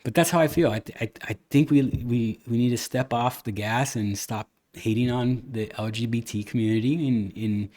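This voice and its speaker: A man's voice: medium pitch, moderate pace, few pauses. A man hosting a podcast, chatting casually and retelling a family story, with lots of restarts, quoted dialogue and the odd cuss word. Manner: animated storyteller, many restarts, retells dialogue, occasional cussing. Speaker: podcast host. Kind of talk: casual chat.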